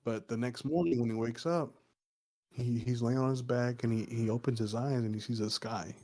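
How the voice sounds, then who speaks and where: A man's voice: medium pitch, fairly even intonation, normal speed, warm tone. Man casually retelling a folk tale. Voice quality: loose, profane, rambling with many fillers. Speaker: podcast co-host. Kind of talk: casual storytelling.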